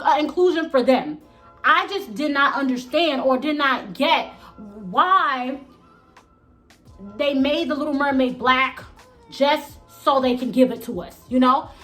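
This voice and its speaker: Woman vlogger, blunt opinions, high voice, soft music beneath. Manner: blunt, emphatic, repeats "okay?". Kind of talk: casual opinion commentary.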